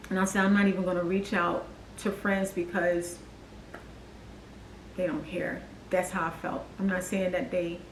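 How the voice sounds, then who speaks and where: A woman's voice: medium pitch, slight background noise. Woman telling a personal story, roomy sound. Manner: halting, reflective storytelling with restarts. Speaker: vlogger. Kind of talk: personal testimony vlog. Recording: echoey room with faint ambience.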